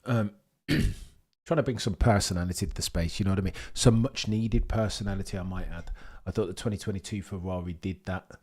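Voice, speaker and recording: A man's voice: sits low, fairly even intonation, a little fast, darkish tone. A young British man streaming live, chatting and bantering cheekily with his viewers. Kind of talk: casual live-stream chat.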